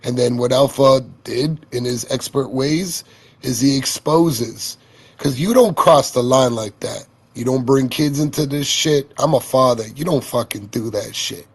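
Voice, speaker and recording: A man's voice: mid-range voice, unhurried, husky. A man talking in an online audio chat room, rambling with repeated words and swearing. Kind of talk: casual heated chat.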